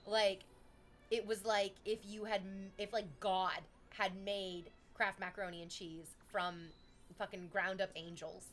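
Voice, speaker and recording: A young Canadian woman chatting casually on a livestream, telling stories in an animated way and swearing often. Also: mid-range voice, a little slow, soft background music. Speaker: streamer chatting with chat.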